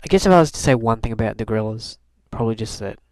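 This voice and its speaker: A man's voice: on the low side, animated, very fast, a little mellow, no echo. A young man from Canada telling a rambling, wry diary-style story, full of fillers and restarts. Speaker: video blogger. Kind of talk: casual rambling diary talk.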